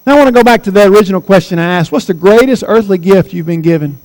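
In a church sanctuary, a pastor in his forties preaches earnestly and emphatically, repeating key phrases. He's a fast talker with a high-pitched, slightly mellow voice. The audio is poor, and the sound of a large hall surrounds him.

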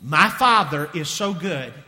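A man preaching a sermon with passion, often repeating phrases and dropping to a hush before rising again. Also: fairly high pitch, animated, unhurried. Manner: impassioned, repeating phrases, swings from loud to hushed. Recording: long hall reverb.

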